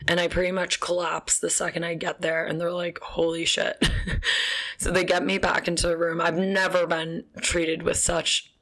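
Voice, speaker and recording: Young woman vlogger, low flat voice with vocal fry, chatty and laughing through her story. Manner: chatty, frequent fillers and laughs, swears casually. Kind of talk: casual storytelling.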